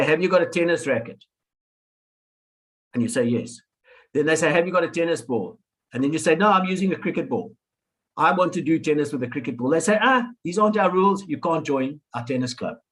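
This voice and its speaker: A man's voice: fairly high pitch, poor audio. A man in his sixties giving an orientation talk to new students in a webinar, emphatic and repeating key advice. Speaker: lecturer. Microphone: webinar computer mic.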